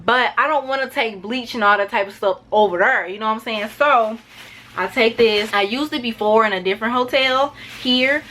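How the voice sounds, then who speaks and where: A travel vlogger chats through a casual packing video, rambling a bit and calling her viewers "y'all." Her voice sits on the high side with a sharp tone, and she speeds up at times to keep things short. Slight background noise is audible.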